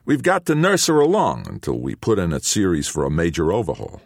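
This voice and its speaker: A bull-necked, middle-aged father, played by a male reader, gruff and stern, with a low voice that rises and falls a great deal. The sound is close and dry. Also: huge pitch swings, brisk, dry recording, heavily acted. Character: gruff, thick-set middle-aged father, ship captain.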